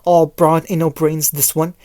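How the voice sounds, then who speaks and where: A merciless young male swordsman talks down to a beaten foe in cool, measured contempt, as a narrator puts him on for a fan fiction reading. The pitch barely moves. The sound is close and dry. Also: little pitch movement, a little mellow, no echo, lightly acted. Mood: contemptuous.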